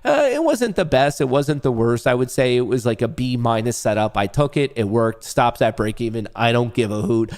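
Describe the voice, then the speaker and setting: A man's voice: medium pitch, expressive, normal speed, hardly any pauses, a little mellow. A young man hosting a live day-trading stream, chatting loosely to his audience with jokes and swearing. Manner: loose, joking, swears, talks to chat. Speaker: livestream day-trading host. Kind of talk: casual live trading commentary.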